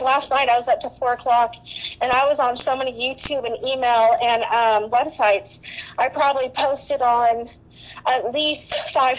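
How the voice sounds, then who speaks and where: A woman's voice: a little high, muffled recording. A woman nurse, tearful and emotional, rambling through an interview with many restarts. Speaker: guest nurse.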